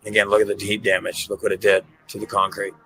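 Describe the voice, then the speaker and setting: A man hosting an excited commentary over pictures, gushing and repeating himself, often stammering. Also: lowish voice, fast, a little hiss or hum, poor audio. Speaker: host.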